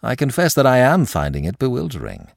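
A man reading a measured, ironic young Frenchman in a story. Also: mid-range voice, wildly swooping pitch, creaky, dry recording, clean studio sound, voice pushed up. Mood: wry. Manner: measured, wry.

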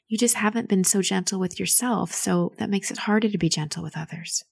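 A woman hosting a show and coaching a caller through grief in a soft, soothing, nurturing way. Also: medium pitch, fairly quick, vocal fry, hardly any pauses, slightly rough, no room sound. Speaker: host giving advice to a caller. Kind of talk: gentle coaching on a call.

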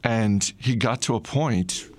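A middle-aged man casually telling a personal story in a relaxed, conversational way, with frequent "uh" fillers. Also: medium pitch, slow, dry recording.

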